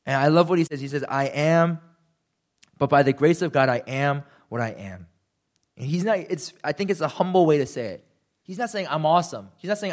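A young man preaching a sermon, animated and self-deprecating, acting out quotes with sudden jumps in pitch. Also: brisk. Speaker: pastor.

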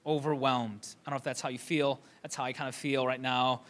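A man's voice: medium pitch, little pitch movement, fast talker, fairly bright tone. A young man from Michigan preaching a conversational sermon, with many fillers and restarts. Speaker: pastor.

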